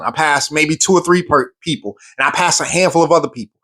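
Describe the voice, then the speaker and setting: A man's voice: a little high, a little fast, few pauses, fairly bright tone. A man, a military veteran, telling a personal story in an earnest, emphatic way, often repeating words for stress.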